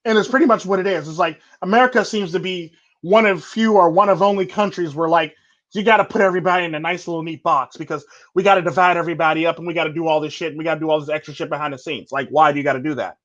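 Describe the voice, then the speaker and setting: A man's voice: a little high, fairly even intonation, very fast, fairly bright tone, dull audio. A man hosting a casual chat, talking bluntly and rambling with repeated stock phrases. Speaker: podcast host.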